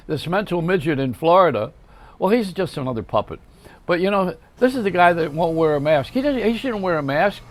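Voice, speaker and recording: An older male host rambles through a comedic monologue, tossing off wisecracks and one-liners as he talks straight to the viewer. His voice sits a little higher than most men's.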